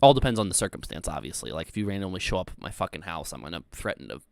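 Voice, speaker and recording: A man's voice: low voice, big pitch swings, rapid-fire, gravelly, dry recording, clean studio sound. A young man hosting a casual livestream, rambling loosely and reading chat messages aloud with plenty of filler words. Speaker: livestream host.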